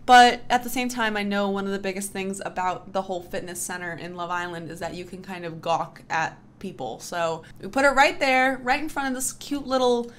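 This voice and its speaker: A young woman talks through her game in loose, casual commentary, her voice sitting at an ordinary middle pitch. She is chatty and swears freely, often breaking into laughs as she goes. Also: fairly quick, few pauses. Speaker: YouTuber building Sims characters.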